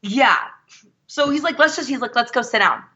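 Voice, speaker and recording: Bright-voiced woman telling a story. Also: a little high, moderate pace, highs cut off, slight background noise. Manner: animated, quotes others in her story. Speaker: guest. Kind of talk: casual storytelling.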